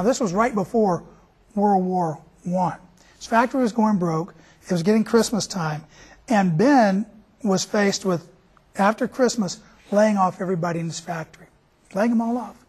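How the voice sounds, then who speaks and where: A man's voice: high voice, darkish tone, slightly rough. A man hosting a TV show, telling a story in a folksy, conversational way. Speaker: TV show host.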